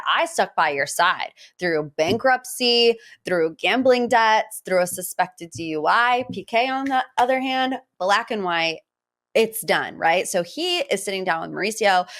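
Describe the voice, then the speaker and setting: A woman's voice: mid-range voice, a bit bright. A woman hosting a podcast, giving a chatty, gossipy recap full of personal asides. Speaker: podcast host. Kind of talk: casual pop-culture recap.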